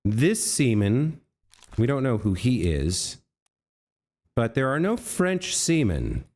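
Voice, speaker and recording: This let's play host works a puzzle by talking it through, often revising himself and chatting with the figures in the game. His voice is medium-pitched with a darkish tone, slow and sing-song.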